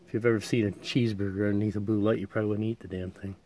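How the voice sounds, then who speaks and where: A man's voice: on the low side, little pitch movement, rapid-fire, darkish tone. A middle-aged American man, out of breath, gives a casual, plainspoken tour of his camper van and chuckles often. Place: inside a small camper van.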